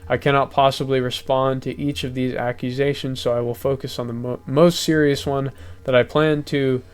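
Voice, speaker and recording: A man's voice: mid-range voice, clean tone. Young man reacting heatedly to a document. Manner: casual, swearing, gets heated and loud. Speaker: commentary youtuber.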